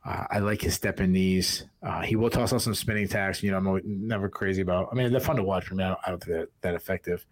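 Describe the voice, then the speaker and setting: Boston-accented male podcast co-host, lower pitch, rambling casual fight talk. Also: steady tone, fast talker, few pauses. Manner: rambling, many restarts and fillers. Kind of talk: casual fight analysis chat.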